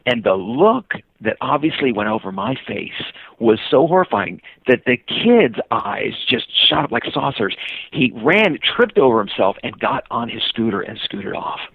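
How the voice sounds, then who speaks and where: Husky American storyteller on a tinny line. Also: male voice, big pitch swings, a little slow, dry recording. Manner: acts out quoted voices with big pitch jumps. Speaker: guest, touring cyclist and author. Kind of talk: animated storytelling in a podcast interview. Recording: dry, tinny phone-line sound.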